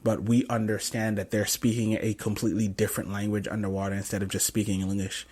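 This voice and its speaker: Young male host, lowish voice, loose rambling film-review chat full of fillers. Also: level tone, fast, a little mellow, breathy edge. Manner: rambling, many fillers and self-corrections. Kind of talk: casual film review commentary.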